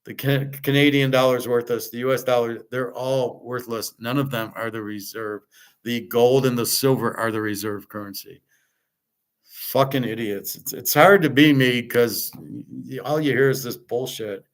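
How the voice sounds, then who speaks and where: A man of ordinary pitch delivering an unscripted, profane rant to his viewers. He sounds exasperated and impatient, repeating and restarting words as he gets worked up. His talk is loose, blunt and conversational. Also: steady tone, normal speed. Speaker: sports betting picks host. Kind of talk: unscripted ranting commentary.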